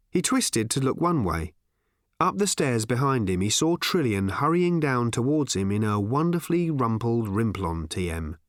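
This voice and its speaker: Expressive and story-driven, a medium-pitched male narrator reads an audiobook script. The studio recording is clean and dry.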